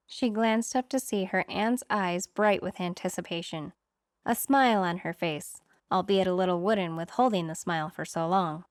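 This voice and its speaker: A woman reading a romance novel aloud in steady, expressive storybook narration. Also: on the low side, normal speed, dry recording, clean studio sound. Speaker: audiobook narrator.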